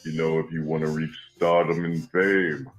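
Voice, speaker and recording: Man doing a smug, deep Satan. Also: little pitch movement, moderate pace, soft background music. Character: smug male Satan checking on a bargain.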